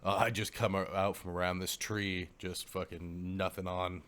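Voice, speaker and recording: Deep-voiced young man telling a story. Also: normal speed, smooth. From Pacific Northwest of the US. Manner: laughs often, swears freely, animated when telling a story. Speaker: podcast co-host. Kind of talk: casual storytelling chat.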